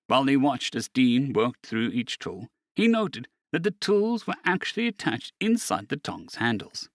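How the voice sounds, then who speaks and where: Lively male storyteller, dry sound. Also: medium pitch, no room sound. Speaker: story narrator. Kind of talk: scripted narration.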